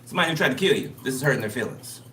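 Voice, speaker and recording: A man's voice: mid-range voice, lively intonation, racing, roomy sound, far from the mic, very noisy. A man giving a casual spiritual reading. He talks bluntly and emphatically, repeats himself, and swears freely. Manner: blunt, repetitive, profane. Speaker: tarot reader.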